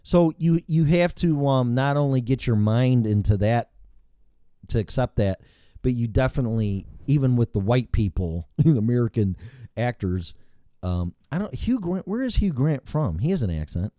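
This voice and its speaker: A man's voice: mid-range voice, expressive, moderate pace, warm tone, no echo. A man hosting a morning talk show in casual, rambling chat, blunt and full of profanity.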